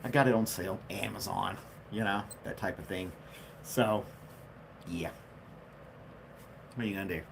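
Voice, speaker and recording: A man's voice: low-pitched, normal speed, creaky, long pauses, slight background noise. A man hosting a casual home livestream, chatting with viewers and reading their comments, with a jokey manner and a habit of laughing at his own jokes. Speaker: livestream host.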